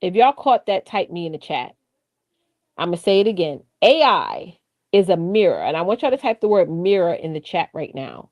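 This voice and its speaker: Lively animated woman chatting to viewers. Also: fairly low pitch, normal speed. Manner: animated, chatty, addresses the chat directly, laughs often; drifts off track, repeats key points for emphasis. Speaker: live-stream co-host on branding and AI. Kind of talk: casual live-stream coaching talk.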